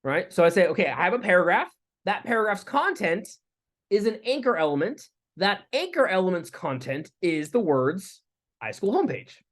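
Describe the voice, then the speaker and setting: A man teaching a lecture with live coding, talking in a relaxed way with fillers and restarts. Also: high voice, moderate pace. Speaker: instructor.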